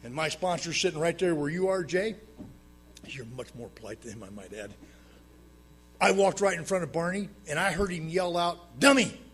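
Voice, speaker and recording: A man telling his own recovery story to a live audience at a meeting, plain-spoken with dry humor, swinging between loud emphatic bursts and low hushed asides. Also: lively intonation, moderate pace, breathy edge.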